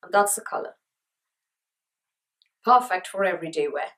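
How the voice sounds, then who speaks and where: A woman's voice: on the low side, expressive, normal speed, fairly bright tone, low-quality recording. Woman with a sore throat reviewing lipsticks. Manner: chatty, enthusiastic, repeats words for emphasis. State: sore throat, sucking a lozenge. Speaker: beauty vlogger. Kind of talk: casual product review.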